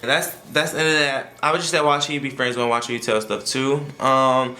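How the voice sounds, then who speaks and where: A man's voice: medium pitch, steady tone, a little fast, bright, forceful tone, reverberant. A young man, a college freshman, giving sassy, slangy advice in a casual vlog. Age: young adult. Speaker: vlogger.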